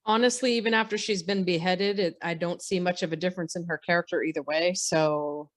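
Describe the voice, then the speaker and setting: A woman's voice: on the low side, steady tone, brisk. Blunt, sarcastic woman podcaster. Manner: blunt, sarcastic ranting with profanity. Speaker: podcast co-host. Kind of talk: casual film chat.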